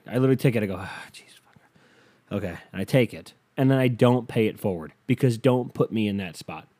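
A man's voice: on the low side, quick pace, mellow. A young man ranting to camera in a casual comedic monologue, swearing freely and acting out the people he quotes. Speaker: comedic vlogger.

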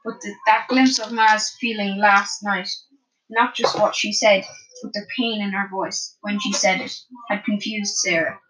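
A woman reading a novel chapter aloud in steady storytelling narration. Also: medium pitch, unhurried, faint music behind, poor audio. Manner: steady storytelling with small restarts. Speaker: audiobook narrator. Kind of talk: audiobook narration.

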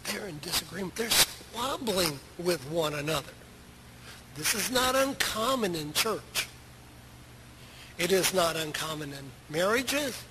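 A middle-aged man preaches to his church in an easy, conversational way, stacking up rhetorical questions for his listeners. His voice sits a little high for a man. A heavy, steady noise runs under the whole recording. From United States. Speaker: pastor. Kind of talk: sermon. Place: church sanctuary. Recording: loud background noise.

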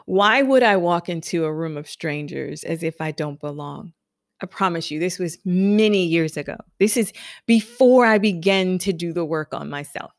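Animated woman giving a motivational talk. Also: fairly low pitch, no echo, studio quality. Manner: animated, conversational storytelling with affirmations. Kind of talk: personal anecdote and motivational talk.

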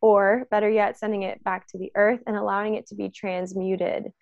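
A woman talking about energy and consent in a casual spiritual chat. She is animated and acts out the voices of the people she quotes, with a lot of "like" and "um". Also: medium pitch, moderate pace, gravelly, no echo, highs cut off.

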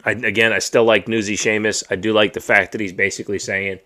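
A man's voice: lowish voice, little pitch movement, fast talker, hardly any pauses, sharp tone. A man hosting a casual wrestling podcast, ranting bluntly and swearing freely as he gives his opinions. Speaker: podcast host. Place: home streaming setup.

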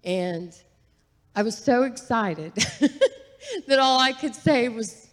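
A woman sharing a personal testimony in a church, talking earnestly and chattily with fillers and soft laughs. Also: high-pitched, expressive, slow, pauses often. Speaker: guest giving testimony. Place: church sanctuary. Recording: long reverb of a large hall.

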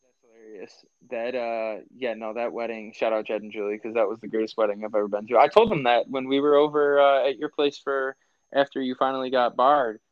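A man's voice: mid-range voice, fairly even intonation, a little fast, clear, resonant tone, no room sound, phone-quality sound. A young man hosting a casual chat, telling rambling stories with slang and frequent laughs. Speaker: podcast host.

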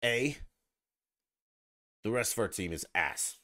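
Male podcast host, lowish voice, swings a lot in pitch, dry close sound, profane and sarcastic. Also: big pitch swings, normal speed, pauses often, fairly bright tone, dry recording. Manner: profane and combative, heavy swearing; sarcastic, mocks opponents with put-on voices. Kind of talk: casual political rant.

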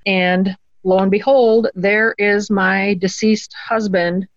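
A woman telling her own story in an interview, earnest and halting, often pausing on "um" and restarting her sentences. Her voice sits in an ordinary middle range. The recording is dry and a little dull, with no room sound. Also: mid-range voice, fairly even intonation, no room sound. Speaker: guest telling a personal story. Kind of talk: conversational storytelling.

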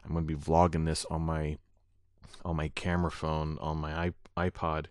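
Young male podcast host, very low and smooth, rambling and apologetic, close dry mic. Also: monotone, moderate pace, no room sound. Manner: rambling, many fillers and restarts, apologetic. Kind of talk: unedited solo podcast talk. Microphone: own microphone into recording software.

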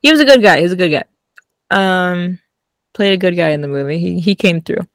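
Woman, lowish voice, podcast co-host, casual rambling chat, dry sound. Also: expressive, brisk, dry recording. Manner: rambling, many ums and likes.

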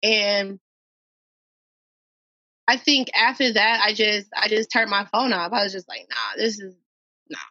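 A woman's voice: mid-range voice, steady tone, unhurried, long pauses, pushed and bright, no room sound. A woman from Minnesota, a guest on a podcast, telling a personal story in an earnest way and repeating phrases for emphasis. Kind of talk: emotional personal account. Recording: dull, dry podcast audio.

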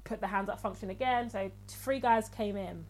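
A woman casually telling a long story on a podcast, animated and rambling, with many restarts. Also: medium pitch, moderate pace. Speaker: podcast co-host.

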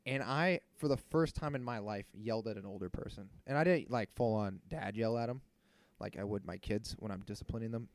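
A man in his thirties hosting a podcast, telling a story in a casual, animated and indignant way and swearing freely. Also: on the low side, brisk, no room sound. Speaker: podcast host.

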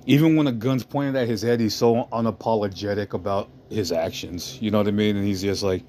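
A man with a fairly low voice talks through a movie's story in a loose, rambling way. He swears freely and keeps checking in with his listeners. A faint background hum sits under his voice. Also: fairly even intonation, a little fast, few pauses, darkish tone. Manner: rambling, profane, frequent "you know what I mean". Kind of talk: casual movie recap.

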